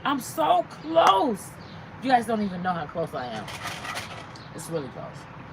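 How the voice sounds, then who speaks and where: A woman's voice: on the low side, very animated, normal speed, heavy background noise. A woman hosting a casual livestream, chatting and reading out viewer comments. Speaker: livestream host.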